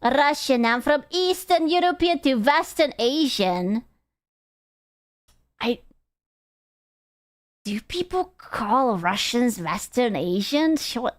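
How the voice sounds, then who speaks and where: A woman's voice: a little high, expressive, takes it slowly, pauses often. A young woman streamer chatting casually with viewers, playful and giggly, swearing and reacting dramatically.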